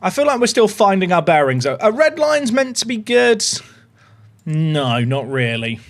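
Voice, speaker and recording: A young man hosting a casual livestream, chatty and excitable as he talks to his viewers. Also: high voice, measured pace. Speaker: livestream host.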